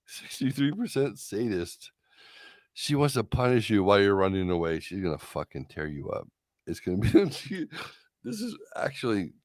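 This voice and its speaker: A man's voice: deep voice, darkish tone, no room sound, studio quality. A man hosting a live stream, reacting to results with profane, incredulous, theatrical commentary. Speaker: streamer host.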